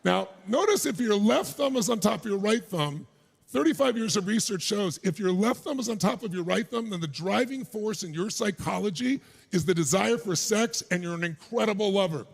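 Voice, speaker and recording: A man giving a motivational speech to a live crowd on an arena stage. He is energetic and shouts to pump up the crowd, with crude, joking asides. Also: sits high, normal speed, creaky, slightly rough. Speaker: motivational speaker.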